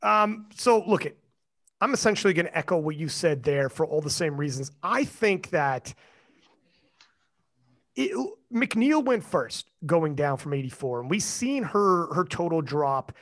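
A man hosting a casual sports chat, talking in an animated, swearing way that swings up and down. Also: fairly high pitch, measured pace.

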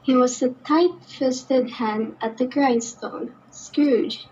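Woman reader, slow careful pace, slightly high voice, muffled recording. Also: a little mellow, slight background noise. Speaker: story reader. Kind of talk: reading a classic story aloud.

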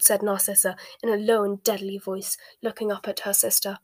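A woman narrating a novel in a hushed, whispered storybook voice, soft and steady. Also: medium pitch, normal speed, breathy edge, no room sound.

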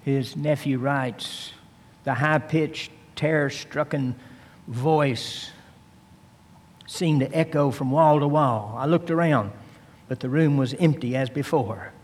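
A man's voice: fairly high pitch, slow. A man preaching a sermon, retelling a story with dramatic, emphatic delivery. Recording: long hall reverb.

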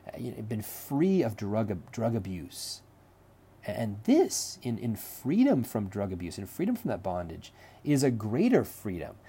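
A man's voice: on the low side, dark tone, breathy edge. A man teaching a lecture on a play, talking conversationally, often repeating words and checking in with "right?".

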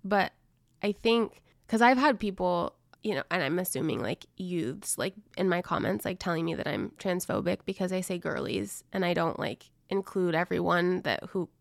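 Woman chatting on a podcast, bit of fry in her voice, dry close sound, lots of likes. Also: on the low side, lively intonation, moderate pace, no echo. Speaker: podcast guest. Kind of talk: casual chat.

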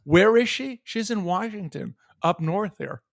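Animated, profane man telling a story. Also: high voice, a little slow, vocal fry, dry recording, studio quality. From United States. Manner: animated, profane, acts out phone calls. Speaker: podcast co-host. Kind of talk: casual storytelling rant.

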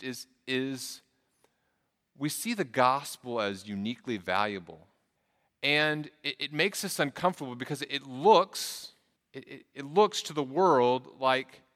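Bright-voiced middle-aged male pastor preaching. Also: mid-range voice. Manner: earnest, conversational preaching with frequent restarts. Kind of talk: sermon. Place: church sanctuary. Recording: long reverb in a large hall.

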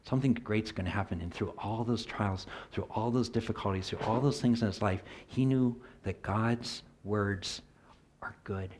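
A middle-aged man preaching a sermon in an earnest voice, swinging from loud emphasis to soft near-whispered asides. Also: on the low side, normal speed, slightly rough.

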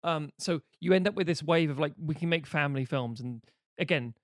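A man's voice: a little high, fairly quick, no room sound, studio quality. Rambling, profane man in his late 30s. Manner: rambling and profane, with self-deprecating jokes. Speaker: podcast co-host. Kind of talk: casual chat.

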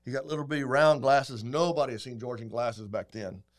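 A middle-aged man, a guest telling folksy, animated stories in casual chat. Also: medium pitch, fairly quick. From Texas. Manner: folksy, animated, acts out quotes. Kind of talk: casual storytelling.

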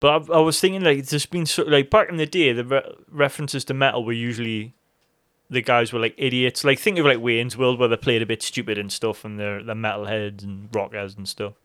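A man co-hosting a podcast in casual chat, animated, swearing freely and acting out excited reactions. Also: mid-range voice, a little fast. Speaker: podcast co-host.

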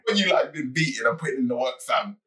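Give me a man with a bright, sharp tone and a swooping delivery, cracking blunt jokes and giggling. He sits some way from the mic. Casual chat between mates. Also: mid-range voice, lively intonation, brisk, distant mic. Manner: joking, giggly, blunt remarks. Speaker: podcast co-host. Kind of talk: casual banter.

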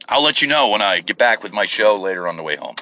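Gravelly, bright-voiced man talking while driving. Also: lowish voice, very animated, quick pace, no echo. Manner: rambling, profane, self-deprecating. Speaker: podcast host. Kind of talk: casual rambling monologue while driving. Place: in a vehicle.

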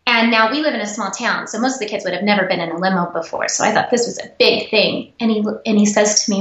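A woman's voice: mid-range voice, fast, hardly any pauses. Earnest woman telling stories, echoey sound. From United States. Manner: earnest, animated storyteller. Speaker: guest. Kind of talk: interview storytelling. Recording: echoey, dull remote audio.

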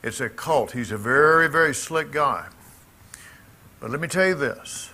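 With a mid-range, unhurried, sharp-toned voice, this middle-aged Mississippi pastor preaches in a Southern accent. He's emphatic and folksy before the congregation, making asides to the crowd.

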